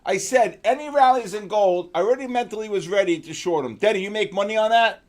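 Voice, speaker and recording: An excitable male host with a fairly high voice runs a live trading stream. He is chatty and animated, calling out to viewers one after another. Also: fast talker.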